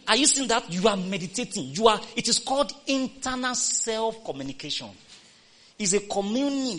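A man preaching a sermon, repeating phrases and swinging from loud calls to hushed, quoted scripture. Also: sits high.

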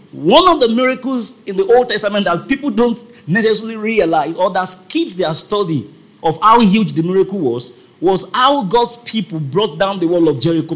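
A man's voice: sits high, a bit bright. A man preaching a sermon, emphatic, repeating his points and calling on the congregation to respond.

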